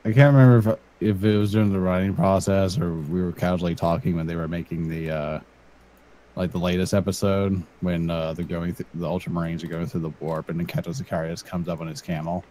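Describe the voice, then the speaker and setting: A man's voice: low-pitched, level tone, brisk, dark tone. A young man co-hosting a casual livestream, telling rambling anecdotes full of swearing and hesitations. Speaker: livestream co-host.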